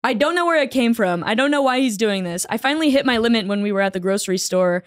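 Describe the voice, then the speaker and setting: A fairly high-voiced woman chatting on a podcast, quick to laugh and slip into silly voices. She reads and riffs in an animated, casual way. The sound is dry and close, with no room around it. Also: no room sound. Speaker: podcast co-host reading a letter. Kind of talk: casual chat.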